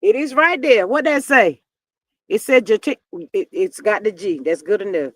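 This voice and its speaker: An older woman with a mid-range voice and lively intonation hosts a casual celebrity gossip stream at normal speed. She chats with a drawl to her viewers and acts out the people she quotes in different voices.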